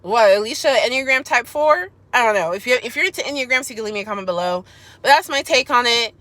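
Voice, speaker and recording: A woman's voice: a little high, lively intonation, quick pace, a bit bright, no room sound. A woman giving a sassy, emphatic opinion vlog from her car, full of slang and talking straight to viewers. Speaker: YouTuber giving commentary.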